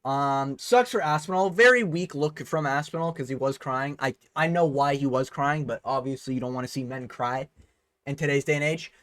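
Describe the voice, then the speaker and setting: A man's voice: mid-range voice, moderate pace, fairly bright tone, no echo. A man hosting a vlog breakdown of a fight card, ranting heatedly with plenty of swearing. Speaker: host.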